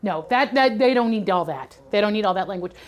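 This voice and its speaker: A woman's voice: mid-range voice, expressive, fairly quick, dull audio. A middle-aged woman giving a preschool teacher training lecture, chatty and conversational, checking in often with her listeners. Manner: conversational, checks in with "okay?" and "right?".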